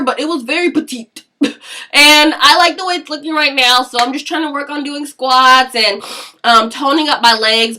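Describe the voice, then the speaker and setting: A high-pitched young woman vlogs at home in a blunt, casual rant. She swears freely and slips in laughing asides, and her voice is bright and forward. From Seattle area, US. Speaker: vlogger.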